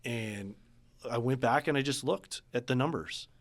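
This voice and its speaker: Guest business coach, man, earnest, lively storyteller in casual chat. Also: mid-range voice, moderate pace. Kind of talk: casual interview talk.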